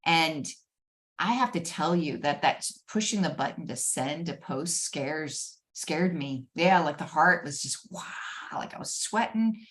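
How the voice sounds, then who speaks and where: A woman with a low voice is being interviewed over a video call. She tells her stories in an animated, conversational way and laughs now and then. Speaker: guest, former head of HR.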